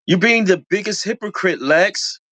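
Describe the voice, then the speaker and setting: Speaking at normal speed on a dry recording, this reality show commentator keeps things casual and full of slang. Lines get repeated for emphasis, and excitement sends the voice jumping high.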